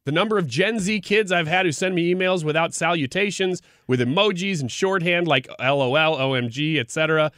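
A man co-hosting a casual chat show, chatty and quick to laugh. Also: fairly high pitch, a bit bright, no room sound, studio quality. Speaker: podcast co-host.

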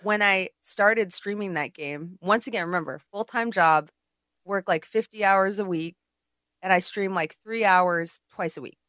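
A woman co-hosts a podcast, chatting casually in an unhurried, medium-pitched voice. She's an animated storyteller who acts out what other people said. The recording is studio quality, with no room sound.

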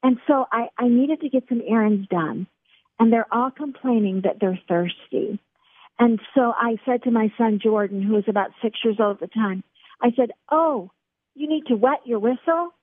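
A woman's voice: a little high, normal speed, no echo. A middle-aged woman guest on a faith radio interview, speaking earnestly and encouragingly to the host. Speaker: author and guest. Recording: tinny phone line.

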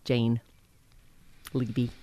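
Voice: mid-range voice, drawn-out words, dry recording. A playful radio co-host joking in casual morning show banter. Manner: playful, jokey, animated.

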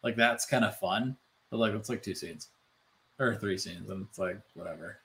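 A man co-hosting a casual podcast chat, animated and loose, full of "like" fillers and swearing. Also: on the low side, normal speed. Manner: animated, swearing, many "like" fillers, mimics voices. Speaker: podcast co-host.

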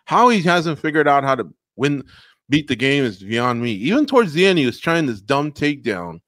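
A man co-hosting a podcast, chatting casually about fights in an animated way and slipping into mock voices. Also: mid-range voice, normal speed, no room sound, clean studio sound. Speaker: podcast co-host. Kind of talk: casual MMA recap chat.

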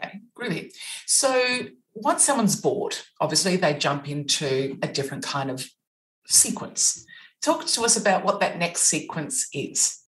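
An Australian woman hosting a casual interview, chatty and quick to laugh. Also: lowish voice, expressive. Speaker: podcast host. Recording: roomy echo.

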